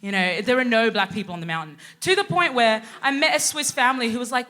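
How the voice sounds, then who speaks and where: A woman from Sudan who grew up in Australia, performing stand-up on a live stage. Her voice sits high and sounds bright and forceful. She leaps into voices for the people in her stories, full of animated energy. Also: fast talker, few pauses. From Sudan, raised in Australia. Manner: animated, acts out quoted people. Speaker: comedian co-host. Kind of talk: stand-up comedy set.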